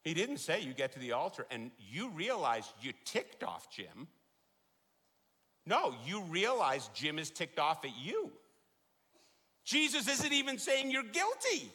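A middle-aged man preaching a sermon in a large church, joking and then driving points home with loud emphasis. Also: fairly high pitch, a little slow, breathy edge. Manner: animated, jokey preaching with sudden loud emphasis. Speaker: pastor. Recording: long hall reverb.

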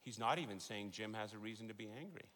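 A middle-aged man preaching a sermon in a large church, joking and then driving points home with loud emphasis. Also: on the low side, fast. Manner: animated, jokey preaching with sudden loud emphasis. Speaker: pastor. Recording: long hall reverb.

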